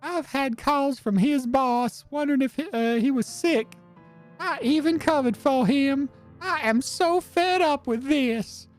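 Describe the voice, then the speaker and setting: A man's voice: extremely high pitch, measured pace, soft background music, voice pushed up. A man voicing a worried otter wife pleading with a detective about her husband, in a raised girlish voice. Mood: anxious. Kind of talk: game dialogue read aloud.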